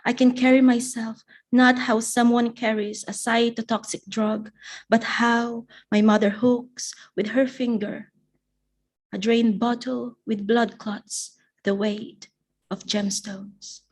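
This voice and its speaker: A woman poet giving a live poetry reading in a measured, deliberate recitation. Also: a little high, level tone.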